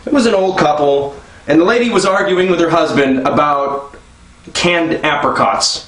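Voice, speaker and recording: A man telling a crude, exasperated comedy rant about strangers, acting out their voices as he goes. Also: a little high. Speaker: stand-up comic. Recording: echoey room, mic at a distance, faint background noise.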